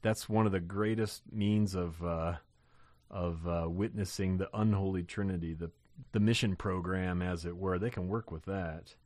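A man's voice: sits low, fairly even intonation, moderate pace, a little mellow, no room sound. A man teaching through a Bible chapter verse by verse. He reads each verse, then comments in loose asides full of restarts, and his voice lifts on the verses and the points he stresses.

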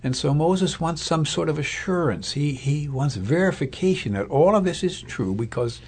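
A man's voice: on the high side, expressive, normal speed, a little mellow, husky. A man preaching a sermon as a pastor, in a conversational, thoughtful way with fillers and restarts. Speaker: Lutheran pastor or Bible teacher.

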